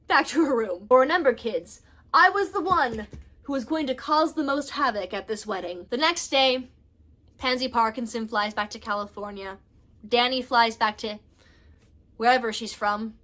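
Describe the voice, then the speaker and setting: A young adult woman telling a personal story in a storytime vlog, animated and dramatic in her retelling. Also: sits high. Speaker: storytime vlogger.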